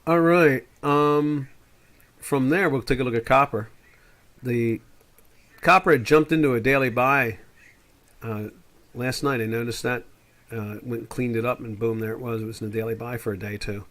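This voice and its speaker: The host of a live trading chat, an older man, walks through market charts in a rambling, opinionated style, putting on quoted voices. His fairly bright, mid-range voice keeps fairly even intonation at a normal speed, broken by long pauses.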